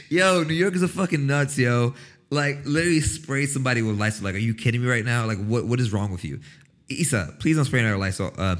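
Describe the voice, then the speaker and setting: A young man chatting casually to his viewers, rambling and swearing, often breaking into a loud high-pitched cackle. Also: quick pace. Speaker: livestream host. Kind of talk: casual chat.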